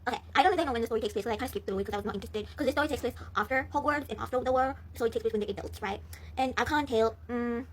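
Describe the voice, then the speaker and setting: Rambling young woman telling a story. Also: on the high side. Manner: rambling, filler-heavy, swears, laughs often. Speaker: vlogger. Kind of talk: casual storytelling chat.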